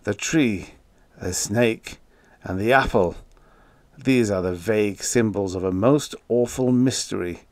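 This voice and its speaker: A man voicing a terrified, hysterical man haunted by unseen horrors in an audiobook, swinging between shrieks and hoarse moans. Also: fairly low pitch, measured pace, no room sound. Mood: haunted urgency. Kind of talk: audiobook character voice.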